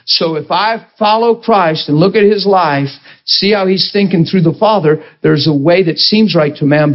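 A man's voice: on the high side, highs cut off. A man preaching a sermon in a conversational way, often checking in with his listeners.

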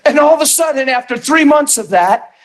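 A man preaching a sermon and telling his testimony in an animated storytelling manner, bursting into shouts at times. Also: very high voice, brisk.

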